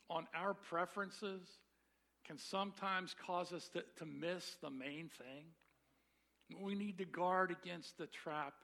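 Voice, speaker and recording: A man's voice: high voice, bright, forceful tone. A middle-aged man preaching a sermon, telling stories earnestly and acting out the people in them. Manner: earnest storytelling with dramatic quoted voices.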